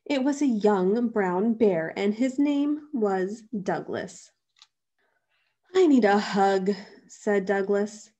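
A young adult woman, a librarian, reads a picture book aloud to children from home in an animated, expressive manner. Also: medium pitch.

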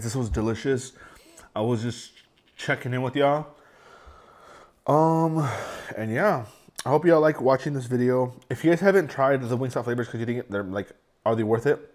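A man's voice: medium pitch, moderate pace, long pauses, a little mellow. Rambling man in his thirties, vlogging. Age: 30s. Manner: rambling, repeats words, many fillers. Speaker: mukbang vlogger. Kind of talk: casual talk to camera.

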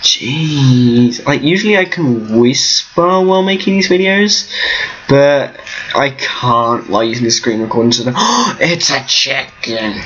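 A goofy, excitable man giving casual commentary while playing a block-building game at home. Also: medium pitch, unhurried, highs cut off, a little hiss or hum. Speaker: Minecraft let's player. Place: room at home.

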